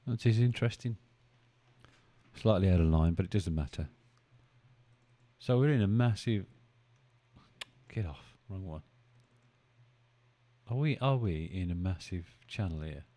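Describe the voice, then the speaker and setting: A man with a low, mellow voice talks through a live stream. He rambles, thinks aloud and teases his viewers in a casual, chatty way. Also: lively intonation, unhurried, pauses often. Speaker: live-stream trading host.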